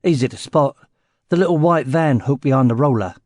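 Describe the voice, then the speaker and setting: A man's voice: medium pitch, brisk, darkish tone, dry recording, studio quality, natural voice. A man voicing a chatty ex-military gate guard with a Cockney accent. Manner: chatty, blustering.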